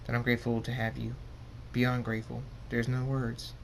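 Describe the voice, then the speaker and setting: A man voicing a gentle stallion hero. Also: medium pitch, completely flat delivery, moderate pace, gravelly, a little hiss or hum, close to an everyday voice. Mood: tender.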